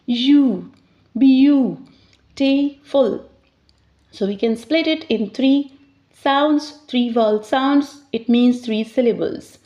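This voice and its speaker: A woman walks learners through English pronunciation at an unhurried pace, drawing out each example word syllable by syllable. Her voice sits a little high but stays soft and mellow. The recording sounds slightly muffled and lo-fi. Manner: slows down to sound out words clearly. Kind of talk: slow, deliberate teaching explanation.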